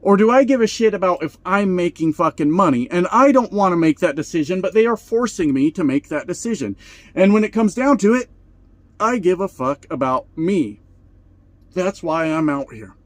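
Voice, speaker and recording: A man's voice: high-pitched, lively intonation, normal speed, no echo. A man who drives trucks over the road, venting in a heated, profane vlog rant from his truck cab.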